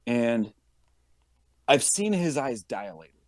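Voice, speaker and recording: A man telling a long story in casual podcast chat, with lively shifts as he voices the people in it. His voice sits mid-pitch and sounds close and dry. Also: takes it slowly, no echo. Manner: animated, acts out quotes of others. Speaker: podcast guest, police officer.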